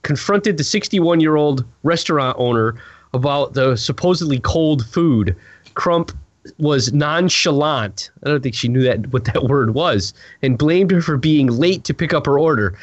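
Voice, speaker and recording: A man with a fairly high voice reads news items aloud. He keeps breaking off for dry, sardonic asides, and the sound is close and dry. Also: expressive, unhurried, no echo, muffled recording. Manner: sardonic asides between quotes. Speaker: co-host reading news stories. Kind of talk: comedic news reading.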